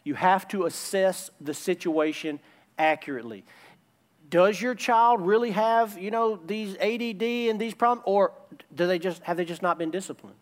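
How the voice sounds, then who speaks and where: A man's voice: high voice, normal speed. A man preaching a sermon as a pastor, emphatic and returning again and again to his key phrases.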